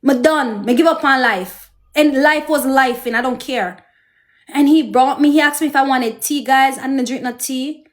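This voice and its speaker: Jamaican woman host, high voice, talks straight to her viewers, emotional testimony, preachy. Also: normal speed. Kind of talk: personal storytelling to viewers.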